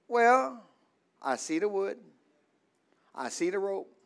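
A man's voice: sits high, sing-song, takes it slowly, creaky. A man preaching a call-and-response sermon in a church, leaving blanks in his lines for the congregation to fill and repeating key phrases. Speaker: pastor.

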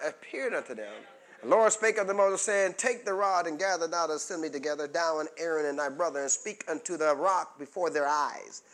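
A man preaching a sermon as pastor, drawing call-and-response answers from the congregation and building to fervent shouts. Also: a little high, brisk.

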